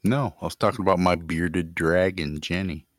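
Deep laid-back male podcast storyteller. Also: normal speed, no room sound, clean studio sound. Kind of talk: casual crude banter.

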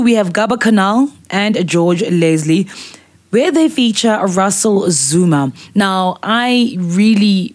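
A woman's voice: low-pitched, darkish tone. A woman, hosting a casual music podcast and recommending songs with chatty enthusiasm. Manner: enthusiastic and chatty, with filler words. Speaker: podcast host.

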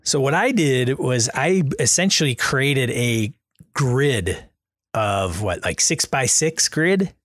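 Methodical male GM, even mid-range voice, dry recording. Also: medium pitch, takes it slowly, no echo. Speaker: game master. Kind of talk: casual chat about running tabletop games.

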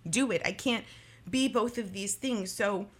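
A woman's voice: mid-range voice, unhurried. A woman in her thirties, an attorney, speaking in an emotional radio interview with impassioned, emphatic talk that repeats phrases for force. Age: 30s. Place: radio studio.

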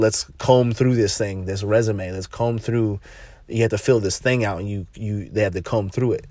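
A man's voice: fairly low pitch, dry recording. A young man who works at a jail, telling a rambling story in casual chat, swearing and restarting often.

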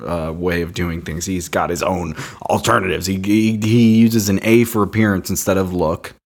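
A podcast co-host in casual chat, reading reviews aloud with a wry, sarcastic manner. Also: male voice, low-pitched, steady tone, moderate pace.

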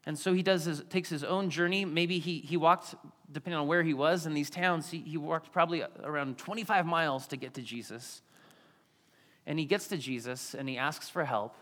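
Guy preaching, lively and high, big echoey hall sound. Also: normal speed. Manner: animated, acts out quotes in varied voices. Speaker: pastor. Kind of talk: sermon. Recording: long hall reverb.

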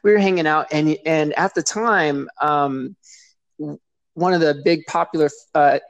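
A man's voice: fairly high pitch, measured pace, gravelly, no room sound, dull audio. A man who performs as a sports mascot, telling a story in casual chat and animatedly acting out other people's lines. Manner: animated, acts out others' voices in quotes.

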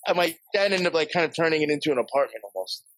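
A man's voice: a little high, animated, racing, a bit bright, no echo, low-quality recording. Swearing New York man telling a ghost story. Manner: rambling, heavy swearing, laughs often. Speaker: podcast guest. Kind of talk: casual storytelling.

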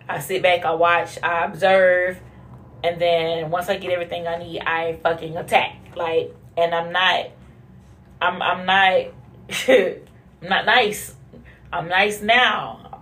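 A woman hosting a casual monologue podcast, blunt and profane, who laughs often and swings from low mutters to high bursts. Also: steady tone, slow pace, a bit bright. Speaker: podcast host.

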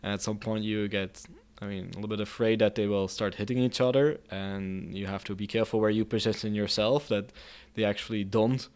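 A man's voice: on the low side, steady tone, a little fast, hardly any pauses, a little mellow, clean tone. A man being interviewed about his work as a mediator, speaking in a thoughtful, hesitant way with frequent restarts. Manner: hesitant, many restarts and fillers. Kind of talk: conversational interview answers.

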